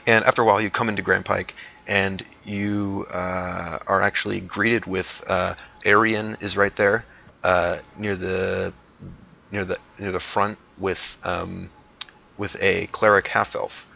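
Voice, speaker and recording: A man's voice: deep voice, little pitch movement, unhurried, vocal fry, sharp tone. A man narrating a tabletop game as game master, rambling with many fillers, on a dull lo-fi recording.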